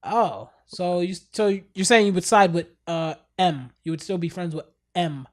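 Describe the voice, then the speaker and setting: A podcast co-host chiming in with jokes and quick questions in casual chat. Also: mid-range voice. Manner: joking interjections, laughs a lot.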